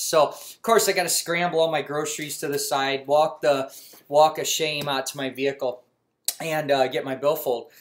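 A man's voice: on the high side, normal speed. A man casually telling a funny personal story as host of a mechanics channel, with many fillers and restarts. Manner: animated when quoting himself.

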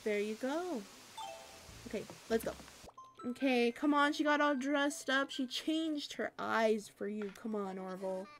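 A young woman streamer chatting excitedly to her viewers while she plays a game. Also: a little high, a little slow, faint music behind. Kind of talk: casual gaming chat.

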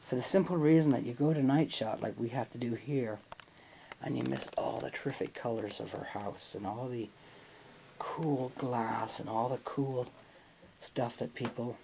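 A host narrating a ghost hunt on the spot in a dark house, rambling and thinking out loud. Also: mid-range voice, background noise. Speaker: host of a ghost-hunting video. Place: dark house at night, indoors.

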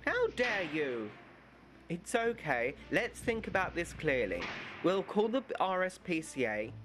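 A man's voice: sits high, a bit bright. A man putting on camp, panicky prison staff voices in a homemade parody sketch. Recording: music playing behind the voice.

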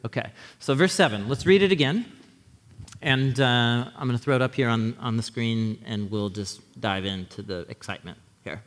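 A man preaching a sermon in a church, teaching in a conversational, animated way and often checking in with his listeners. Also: mid-range voice, normal speed. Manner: animated teaching with frequent restarts. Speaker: pastor. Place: church sanctuary. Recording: long hall reverb.

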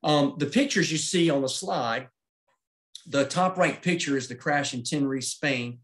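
A man's voice: a little high, normal speed, fairly bright tone. A middle-aged man giving a safety presentation, walking through slides step by step in a plain-spoken way and checking in with "okay?". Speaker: aviation safety instructor.

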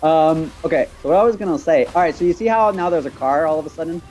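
A man's voice: a little high, animated, fast talker, a little mellow, soft background music. A man with a Canadian accent, joking playfully and trailing off mid-sentence as he chats while playing a game. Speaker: gaming YouTuber. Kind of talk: casual chat while gaming.

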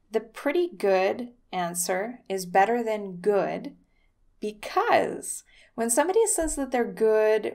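A young adult woman teaching English in a casual video lesson, chatty and upbeat, acting out short sample dialogues. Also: medium pitch.

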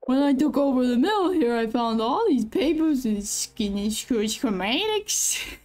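A woman's voice: high-pitched, very animated, a little slow, a little mellow, slight background noise. A woman voicing a kindly old grandpa bear who runs a mill, chatty and folksy. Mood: wondering. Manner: folksy, chatty, fond of old-timey phrasing.

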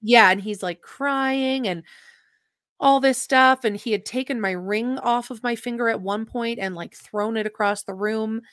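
A woman's voice: a little high, a little slow, a bit bright, dry recording, clean studio sound. A young adult woman, a podcast guest, earnestly and emotionally retelling a personal story with quoted dialogue.

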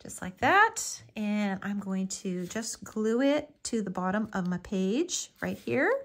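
A woman's voice: mid-range voice, big pitch swings, takes it slowly, fairly bright tone. A middle-aged woman hosting a live papercraft tutorial, chatty and homey, with frequent ums and lots of "little" and "so cute". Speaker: craft tutorial host.

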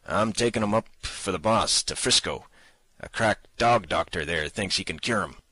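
A man voicing a rough, gruff kidnapper who grumbles about his pay in an audiobook reading. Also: low-pitched, moderate pace, bright, forceful tone, no room sound, pitched above the performer's own voice, heavily acted. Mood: excuse-making.

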